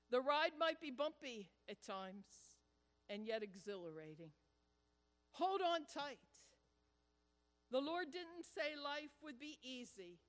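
A man preaching a sermon as a pastor, telling a personal story in an earnest, drawn-out way with deliberate pauses. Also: very high voice, fairly bright tone. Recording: long reverb of a large hall.

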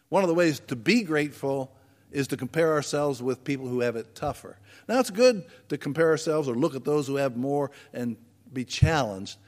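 A man's voice: mid-range voice, a little mellow, long reverb tail. A man preaching a conversational sermon as pastor, asking the congregation rhetorical questions. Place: church sanctuary.

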